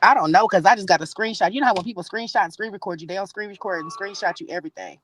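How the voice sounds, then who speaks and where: A woman's voice: medium pitch, racing. Matter-of-fact woman on a noisy call. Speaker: guest caller on a live stream. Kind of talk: casual live-stream chat.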